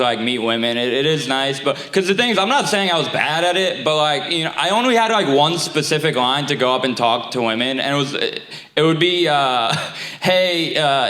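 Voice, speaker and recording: A man's voice: on the high side, a bit bright. A young man from Staten Island with a slight lisp, performing a self-deprecating stand-up comedy set with casual asides to the crowd. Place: theater stage before a live audience. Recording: roomy live theater sound.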